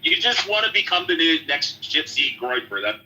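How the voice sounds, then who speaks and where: Man, aggressive, profane, very bright piercing voice, slightly high pitch. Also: big pitch swings, moderate pace, poor audio. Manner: profane, aggressive, hurls insults. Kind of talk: heated casual debate.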